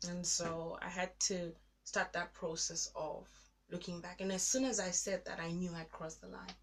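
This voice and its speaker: A woman's voice: on the low side, fairly even intonation, normal speed, a bit bright. A woman in her thirties sharing a personal story in an interview, getting emotional as she acts out her past prayers. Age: 30s. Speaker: guest.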